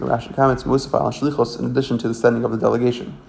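A man teaching a religious text, each verse aloud and translating it phrase by phrase, often halting and correcting himself. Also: medium pitch, little pitch movement, vocal fry, darkish tone, a little hiss or hum. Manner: halting, self-correcting, with frequent restarts. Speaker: Torah teacher.

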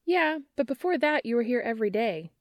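A woman's voice: fairly high pitch, big pitch swings, brisk, no room sound, studio quality, voice pushed up. A woman doing a brash teasing young barmaid. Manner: teasing, blunt.

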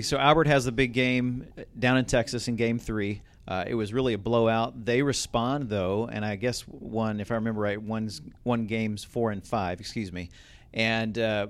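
Conversational man hosting a sports chat. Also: lowish voice. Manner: conversational, recapping then asking questions. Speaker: interview host at a museum. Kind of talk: casual sports interview.

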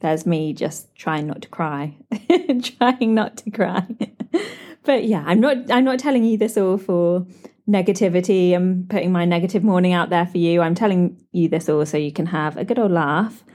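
A British woman hosting a podcast, telling animated stories with lots of laughs. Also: lowish voice, moderate pace. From Britain. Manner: animated storytelling with frequent laughs and "like". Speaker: podcast host. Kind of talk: chatty solo podcast catch-up.

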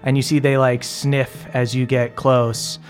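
A man narrating a tabletop game as game master, relaxed and full of fillers. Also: medium pitch, unhurried, faint music behind.

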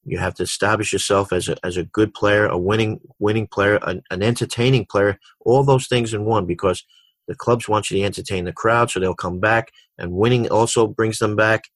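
A man's voice: fairly low pitch, fairly even intonation, a little fast, no echo. A middle-aged man, a basketball coach, answering interview questions with frequent restarts and repeated words. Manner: repeats words and restarts often, tells anecdotes.

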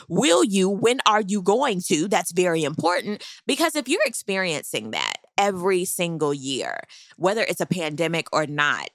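A woman casually recapping a reality show with sassy, animated commentary and high squealing reactions. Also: gravelly, dry recording, clean studio sound.

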